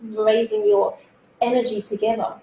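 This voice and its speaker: A woman's voice: mid-range voice, level tone, normal speed, dark tone, a little hiss or hum. A woman hosting a talk show, chatty and playful, peppering her speech with "like" and "you know". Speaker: stand-in host. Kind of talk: casual conversation. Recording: echoey room with faint ambience.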